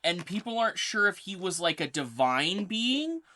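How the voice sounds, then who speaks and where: Bright-voiced woman explaining lore. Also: on the low side, very animated, moderate pace. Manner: chatty, reads notes, filler-heavy. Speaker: podcast co-host. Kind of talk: casual chat explaining game lore.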